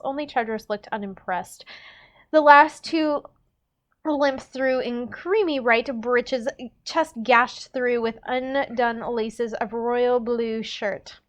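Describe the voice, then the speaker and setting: A young woman who teaches school, reading a novel aloud and chatting casually with friends, stretching out the dialogue with emphasis. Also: fairly high pitch. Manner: reads with lively, drawn-out emphasis on dialogue. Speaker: teacher and book-club co-host reading aloud. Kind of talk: casual read-aloud with chat.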